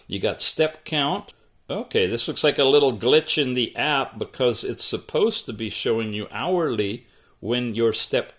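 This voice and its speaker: A man talks through a gadget demo in an easygoing, conversational way. His pitch rises and falls a lot, giving the narration an animated lilt. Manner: casual, conversational, lively pitch. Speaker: tech reviewer. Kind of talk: product walkthrough narration.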